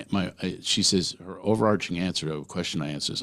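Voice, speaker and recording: Deep-voiced man in earnest monologue. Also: moderate pace, fairly bright tone, no echo, studio quality. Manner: earnest, asks the listener questions directly. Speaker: podcast host. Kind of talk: personal monologue.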